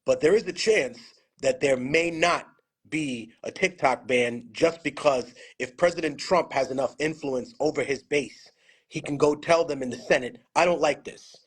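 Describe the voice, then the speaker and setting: A slightly rough, fairly high male voice at a moderate pace comes from a livestream host in his home studio. Talking by phone, he spins stories in a casual, profane style, with some slurring caused by a weak connection.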